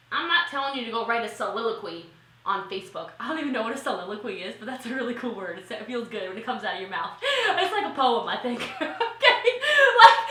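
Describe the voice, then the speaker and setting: A woman from rural Maryland giving a chatty, animated motivational talk as a network marketing coach, laughing and saying "like" and "okay" a lot, a little teary. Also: high-pitched, roomy sound, low-quality recording. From Frederick County, Maryland. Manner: animated, laughing, swings from loud to soft. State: teary, eye watering. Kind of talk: casual motivational talk to camera.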